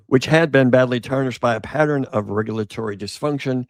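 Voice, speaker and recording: A man's voice: medium pitch, brisk, few pauses, no echo, clean studio sound. A male podcast host giving casual commentary, reading an article aloud with sarcastic, rambling asides.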